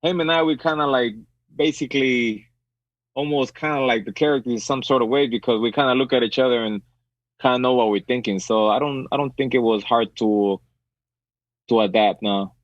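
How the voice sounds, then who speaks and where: A man's voice: mid-range voice, brisk, no echo, dull audio. A man being interviewed as an actor guest, telling a story casually with lots of restarts and fillers.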